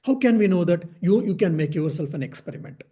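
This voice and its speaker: A man's voice: high voice, expressive, fast talker, warm tone. A man, a monk, giving a spiritual discourse on Vedanta, explaining patiently, asking and answering his own questions and repeating key phrases.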